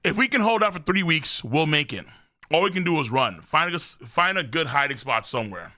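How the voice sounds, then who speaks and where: A man's voice: a little high, animated, fairly quick, bright, forceful tone. A man voicing frightened villagers who plead and plan to hide from hunters. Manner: pleading, anxious. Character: frightened villagers fleeing a hunt.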